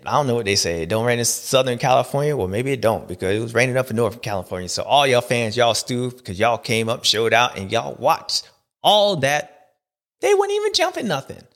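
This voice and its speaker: A man's voice: medium pitch, fairly bright tone. A man hosting a casual, joking commentary, talking in slang and mimicking other people. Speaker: host.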